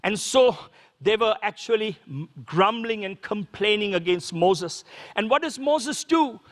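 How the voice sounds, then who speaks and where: A man's voice: high-pitched, animated, measured pace, a bit bright, big-room sound. A man preaching a sermon as a pastor, in a conversational way full of rhetorical questions. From Sri Lanka.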